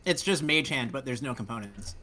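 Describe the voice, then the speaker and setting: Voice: medium pitch, expressive, fairly quick, bright, forceful tone, a little hiss or hum. A tabletop player asking questions hesitantly, with many "like"s. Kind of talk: tabletop game chat.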